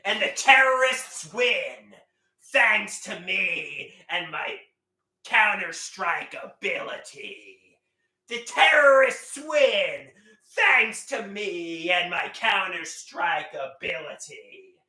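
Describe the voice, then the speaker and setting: A man hosting a live stream, rambling and singing improvised songs in a loud, crude, self-mocking way. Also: sits high, lively intonation, slow pace. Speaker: livestream host. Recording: roomy echo.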